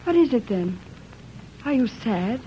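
A doting young bride in an old radio play, her voice very high and her words drawn out slowly. The recording is dull and muffled, with a faint hiss. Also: sing-song, warm tone. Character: young bride, sweet and affectionate daughter.

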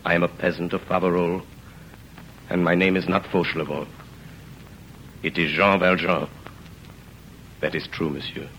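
An actor playing a remorseful ex-convict, speaking in a grave, halting, low voice in an old radio drama. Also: male voice, little pitch movement, fairly bright tone, a little hiss or hum, low-quality recording. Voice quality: deep, gravelly. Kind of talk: 1930s radio drama acting.

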